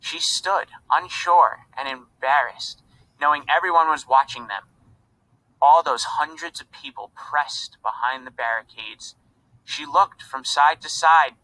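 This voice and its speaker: A man reading a children's storybook aloud in an expressive narrating voice. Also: a little high, unhurried, rough recording. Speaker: reader.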